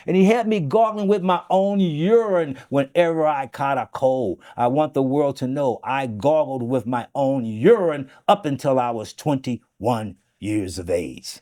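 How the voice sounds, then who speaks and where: A man talking casually about home health remedies, telling animated stories and often adding "okay?". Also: a little high, a little slow, hardly any pauses. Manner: animated storytelling, acts out his grandfather's voice; emphatic, keeps adding "okay?". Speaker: health talk guest.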